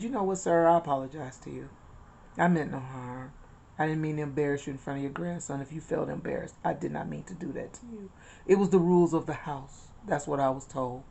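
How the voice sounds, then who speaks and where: Gravelly woman giving chatty spiritual talk. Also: low-pitched, darkish tone. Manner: chatty, repeats phrases, quotes scripture and retells conversations. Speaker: inspirational channel host. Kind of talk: casual spiritual talk with storytelling.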